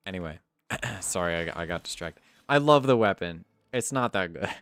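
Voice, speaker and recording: This one has a deep voice and a moderate pace, recorded with no echo. He's a male streamer casually talking to his viewers, swearing freely, staying lively, and wandering off topic.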